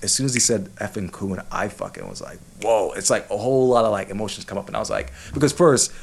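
A man with a fairly low voice tells a personal story in a loose, casual way. He sounds heated and swears freely, circling back with restarts and "you know what I'm saying.". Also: big pitch swings, quick pace, vocal fry, slightly rough.

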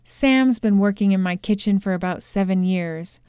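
A woman voicing a gruff, bearded male head chef on the witness stand, with a gravelly voice and halting, mumbled answers, in a storybook reading. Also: medium pitch, dark tone, no room sound, clean studio sound, natural voice. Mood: defensive.

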